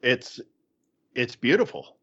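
A man's voice: medium pitch, animated, slow, fairly bright tone, husky, lo-fi sound. A man co-hosting a casual podcast chat, wry and joking, often laughing mid-sentence. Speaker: podcast co-host.

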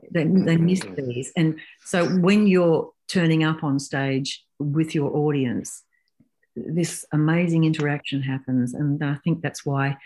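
A woman in her sixties, a professional speaker telling stories in a podcast interview and acting out quotes with lively shifts of voice. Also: low voice, husky.

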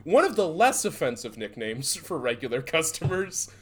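A man's voice: fairly high pitch, big pitch swings, moderate pace, slight background noise. A young man from Michigan co-hosting a podcast, rambling and swearing as he tells old work stories with laughs. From Southeast Michigan. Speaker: podcast co-host. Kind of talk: casual chat.

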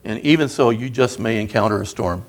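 A man's voice: fairly low pitch, a little fast. A man preaching a sermon as a guest speaker, in an earnest, conversational way that builds in emphasis.

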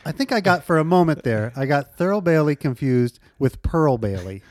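A man co-hosting a podcast in relaxed banter. His voice is fairly high and bounces all over in pitch, and the sound is dry and close. He jokes back playfully and breaks into giggles easily. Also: no room sound. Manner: playful, giggly, quick to laugh. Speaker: podcast co-host. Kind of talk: casual banter.

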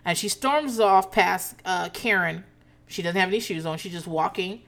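A woman casually recapping a reality TV episode, animated and profane, laughing often as she talks. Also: on the low side, normal speed, gravelly. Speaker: TV recap host.

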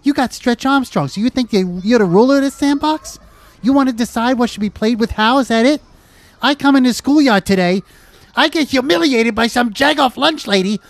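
A man's voice: high voice, animated, fairly quick, dry recording. A man voicing a foul-mouthed, petty schoolyard tough guy in a comedy podcast sketch. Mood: griping.

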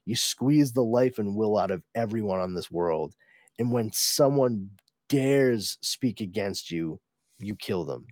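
A man's voice: fairly low pitch, lively intonation, unhurried, a little mellow, no room sound, studio quality. A man voicing an earnest young comic-book hero who speaks with indignant emphasis. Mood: accusing. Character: earnest young male hero accusing a tyrant.

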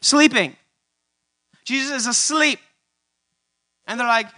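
A man preaching a church sermon, building to loud emphatic peaks and repeating his key lines. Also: high voice, moderate pace. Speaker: pastor.

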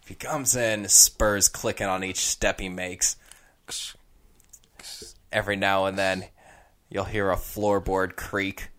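A man co-hosting a casual chat, telling an animated story and slipping into character voices. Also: lowish voice, takes it slowly. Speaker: podcast co-host.

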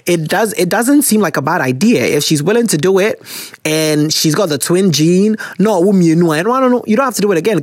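A woman with a Ghanaian accent hosting an advice podcast, reading listener letters in a teasing, animated way and mixing in slang and local words. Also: on the low side, no echo, studio quality. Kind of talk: casual chat.

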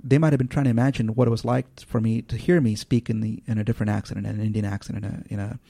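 A man who once taught public speaking, answering as a radio interview guest in a thoughtful, explanatory way with measured pauses. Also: on the low side, steady tone, vocal fry, mellow, no echo. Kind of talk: reflective radio interview talk.

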